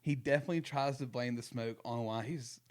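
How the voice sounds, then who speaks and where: Brief: young male podcast host of middle pitch, talking loosely and rambling through casual chat. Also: fairly quick. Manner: rambling, lots of fillers and restarts.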